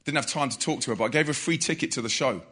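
A man preaching to a live audience, telling a story with energy and loud bursts of emphasis. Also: mid-range voice, rapid-fire. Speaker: youth evangelist.

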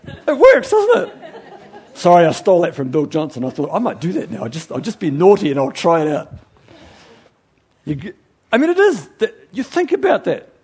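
A preacher with a somewhat high, husky voice delivers a sermon a little fast, chatty and animated. He swings between loud outbursts and quiet asides, joking and poking fun at himself along the way.

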